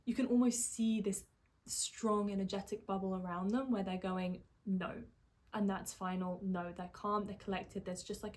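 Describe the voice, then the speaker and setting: A woman, a life coach speaking in a calm, thoughtful monologue that slows and softens for emphasis. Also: medium pitch.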